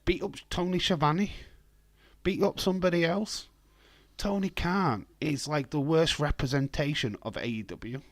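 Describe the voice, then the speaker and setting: A man with a hoarse voice, hosting a casual live stream from home and talking in a blunt, rambling way. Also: on the high side, moderate pace. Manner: blunt, rambling, profane, reads chat aloud.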